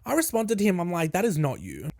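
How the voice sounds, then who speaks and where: Young guy podcast storytime, kinda high voice, dry close mic, swears a lot, acts out the convo. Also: fast, no room sound. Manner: candid, swearing, animated retelling with quoted dialogue. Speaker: podcast host. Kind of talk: casual storytime.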